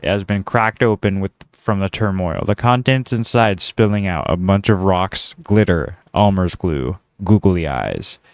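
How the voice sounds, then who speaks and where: A man narrating a script in a steady, matter-of-fact voice. His tone is low and smooth, and the sound is dry and close. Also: no echo. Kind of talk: reading a comedic script aloud.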